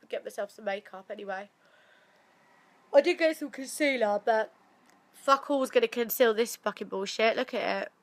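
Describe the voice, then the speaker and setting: A young woman chatting casually to camera with a badly blocked nose, swearing freely and laughing often. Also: fairly high pitch. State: blocked nose after surgery. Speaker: vlogger.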